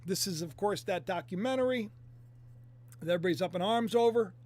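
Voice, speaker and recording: A man's voice: sits high, a little fast. A man hosting an online video, giving rambling, casual religious commentary with lots of fillers and asides to his viewers. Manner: rambling, animated, talks to viewers with frequent fillers.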